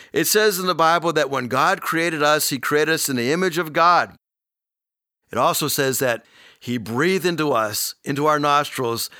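A man preaching a sermon, earnestly teaching and quoting scripture, slowing down to stress key words. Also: a little high, pushed and bright, dry recording, studio quality. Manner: earnest, teaching, quotes scripture, slows for emphasis.

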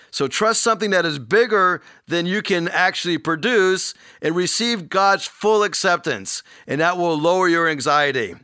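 A man preaching a sermon, earnestly teaching and quoting scripture, slowing down to stress key words. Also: a little high, bright, forceful tone, clean tone, no room sound, studio quality. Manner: earnest, teaching, quotes scripture, slows for emphasis.

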